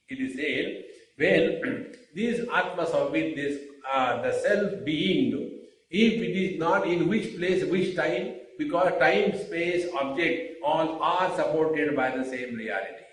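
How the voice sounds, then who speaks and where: Man teaching in an echoey hall. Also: a little high. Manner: deliberate, with rhetorical questions and pauses. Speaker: spiritual teacher. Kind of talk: spiritual discourse. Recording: very echoey room, mic far off.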